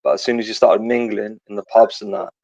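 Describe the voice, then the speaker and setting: Young guy calling in, low voice, rambling slangy chat, swears a lot, dull dry line. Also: flat delivery, fast talker, a crowd in the background. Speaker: caller. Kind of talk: casual phone-in chat.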